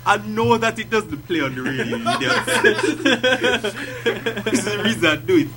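A man's voice: sits high, animated, moderate pace, sharp tone, rough recording. A man co-hosting a podcast, chatting casually, laughing often and teasing his co-hosts in mock exasperation. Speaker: podcast co-host. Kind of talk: casual chat.

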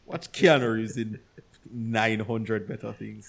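A man's voice: fairly low pitch, takes it slowly, gravelly, pauses often, husky. A man co-hosting a casual chat, ranting with exasperation about a movie, swearing and acting out his own reactions. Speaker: podcast co-host.

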